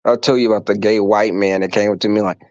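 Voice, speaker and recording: A man hosting a livestream, telling stories to his viewers in an animated, profane way and acting out the voices in them. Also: fairly low pitch, fast talker, no echo, lo-fi sound. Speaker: livestream host reading chat. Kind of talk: casual storytelling to viewers.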